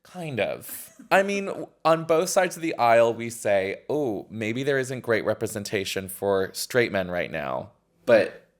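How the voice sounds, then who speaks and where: A man's voice: mid-range voice, big pitch swings, measured pace. A young man co-hosting a podcast in casual chat, rambling and joking with frequent laughs. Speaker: podcast co-host.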